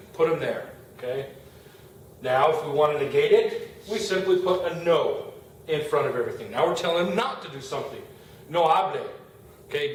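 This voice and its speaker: A man teaching a grammar lesson to his class, patiently drawing out example words slowly and repeating them. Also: a little high. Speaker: Spanish teacher. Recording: very echoey room, distant mic, faint hiss.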